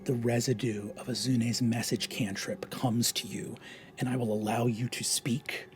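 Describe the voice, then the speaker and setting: A man's voice: mid-range voice, fairly even intonation, unhurried, soft background music. Dramatic whispering game master, man. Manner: dramatic, swinging between hushed whispers and loud narration. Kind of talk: narrating a tabletop game.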